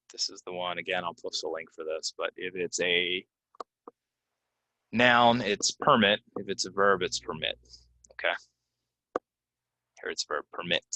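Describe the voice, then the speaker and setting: A man teaching English pronunciation, reading example sentences and then repeating key words slowly with clear stress. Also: low-pitched, pushed and bright, no echo. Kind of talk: pronunciation lesson. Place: Orlando, Florida.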